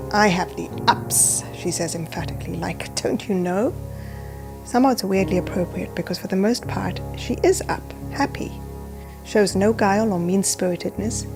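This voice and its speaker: A woman reading a reflective personal voice-over about being a mother, in a quiet, subdued and introspective way. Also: medium pitch. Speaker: mother narrating a documentary.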